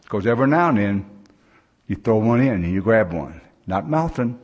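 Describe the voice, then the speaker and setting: A man's voice: on the low side, big pitch swings, moderate pace, darkish tone, highs cut off. An older American man sharing a recovery story at a conference, a plain-spoken, folksy storyteller who acts out the voices of the people in his tale. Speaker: recovery meeting speaker. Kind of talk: personal recovery story told to a conference crowd. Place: large conference gathering.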